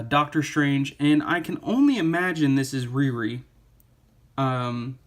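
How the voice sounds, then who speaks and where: A man's voice: fairly high pitch, slight background noise. A man giving a casual spoken comic book review, rambling with lots of fillers like "uh" and "you know".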